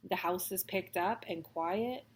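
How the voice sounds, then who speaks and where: Slow, chatty Texas-raised woman. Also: fairly low pitch, a little hiss or hum. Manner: chatty, rambling, self-deprecating. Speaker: stitching vlogger. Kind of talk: casual chat while stitching.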